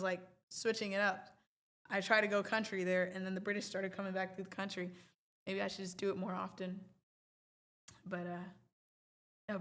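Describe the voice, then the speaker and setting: A woman streamer chatting loosely with her audience, wandering from thought to thought with playful asides. Her voice sits at an ordinary middle pitch, casual and unscripted. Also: a bit bright. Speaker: livestream host. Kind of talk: casual livestream chat.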